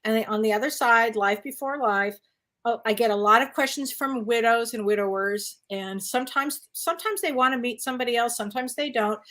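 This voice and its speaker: A woman co-hosting a talk show as a psychic medium, telling stories in an animated, laughing way. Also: on the high side, brisk. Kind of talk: casual storytelling chat.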